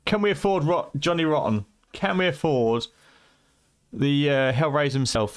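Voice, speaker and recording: A man's voice: on the high side, animated, normal speed, vocal fry. A man with a British accent chatting and joking with viewers during a late-night game stream, his voice tired and going, teasing and swearing freely. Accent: British English. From United Kingdom.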